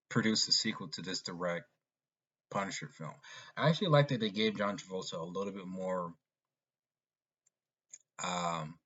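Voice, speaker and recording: A man giving a casual, rambling movie review, often restarting and filling pauses as he talks. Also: fairly low pitch, fairly bright tone, husky. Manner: rambling, with frequent restarts and fillers. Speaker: film reviewer. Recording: dull lo-fi recording.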